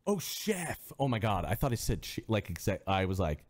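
Lively, low-voiced male streamer. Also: moderate pace. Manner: animated, swears freely, restarts sentences. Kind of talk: casual live-stream chat.

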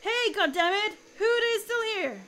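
A woman's voice: sits high, animated, measured pace, fairly bright tone. A woman voicing a short-tempered middle-aged male rocket captain who barks and curses. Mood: angry shouting. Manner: barking, cursing, bossy.

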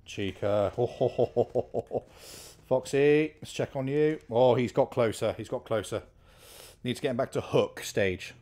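A young man with a mid-range voice, speaking at a normal pace, commentates on a horror game. He's chatty and excitable, muttering the same counts under his breath between bursts of excitement.

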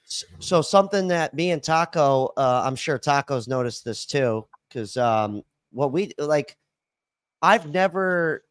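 A man's voice: on the high side, animated, a little slow, smooth, no echo. Rambling, filler-heavy man hosting a podcast. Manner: rambling, full of fillers and restarts. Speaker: podcast host. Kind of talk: casual chat.

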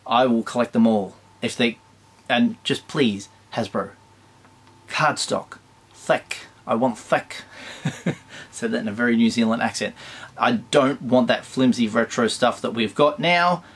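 A man's voice: medium pitch, normal speed, husky. Chatty Australian man talking toys. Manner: chatty, enthusiastic, wry asides. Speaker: toy collector channel host. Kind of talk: casual chat reviewing toy news.

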